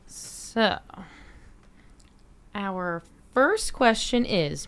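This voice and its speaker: A woman's voice: medium pitch, moderate pace. A woman co-hosting a podcast, chatting casually with short, supportive replies and reading out listener questions. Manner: supportive, brief interjections. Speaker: podcast co-host. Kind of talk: casual chat.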